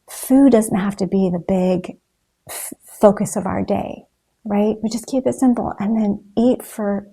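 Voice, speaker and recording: Gravelly-voiced woman, earnest and encouraging. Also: mid-range voice, warm tone. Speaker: raw food vlogger. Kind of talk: motivational vlog talk.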